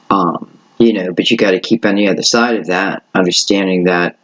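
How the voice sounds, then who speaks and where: A man with a fairly low voice talks his way through a tarot reading. He rambles in a gentle, chatty way and keeps circling back with little asides. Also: normal speed, rough recording. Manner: rambling, gentle, repeats "you know" and "right". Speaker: tarot reader. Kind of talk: casual spoken tarot reading.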